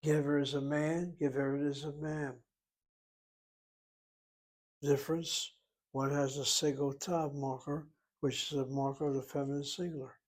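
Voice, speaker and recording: Male grammar teacher, husky voice, patient step-by-step explainer. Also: on the high side, little pitch movement, a little slow, pauses often. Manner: methodical, explains word by word and letter by letter. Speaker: Hebrew teacher. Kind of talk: grammar lesson.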